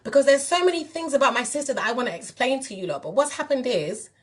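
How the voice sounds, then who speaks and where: A woman's voice: sits high, sing-song, fast talker. Emphatic woman vlogging. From England. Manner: direct, emphatic, addresses viewers as "you lot". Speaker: spiritual teacher and vlogger. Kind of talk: candid monologue to camera.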